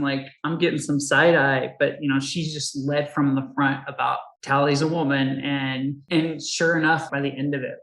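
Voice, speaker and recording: A woman's voice: low-pitched, reverberant, rough recording. A woman who fights and coaches Muay Thai, telling her story candidly in a casual interview, laughing often and acting out the people she quotes.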